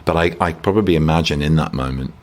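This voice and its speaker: A man's voice: extremely low pitch, quick pace. A man, an actor as a guest, talking reflectively and self-deprecatingly in a rambling interview, often restarting sentences.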